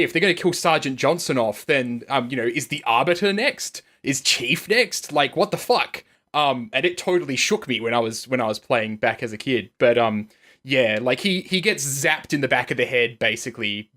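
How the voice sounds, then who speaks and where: Man, podcast co-host, eager rambling, filler words, bright voice. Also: mid-range voice. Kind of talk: casual gaming podcast chat.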